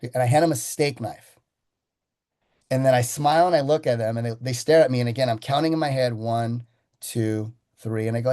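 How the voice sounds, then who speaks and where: A man leads a sales training session, recounting how he runs a pitch and slowing right down for effect. His voice is warm and mellow and sits at an everyday middle pitch. He talks in a storytelling way, acting out his side of the conversation. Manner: storytelling, acts out his sales pitch with slow deliberate pauses.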